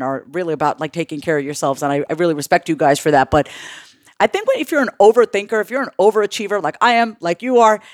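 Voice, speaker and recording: Woman, middle-aged, life coach, blunt, animated, swears casually, dry close sound. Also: lowish voice, no echo. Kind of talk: podcast conversation.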